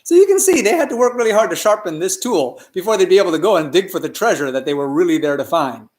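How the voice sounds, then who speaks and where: A male storyteller narrating a children's story in an animated way and often asking the listeners questions. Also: sits high, fast, roomy sound.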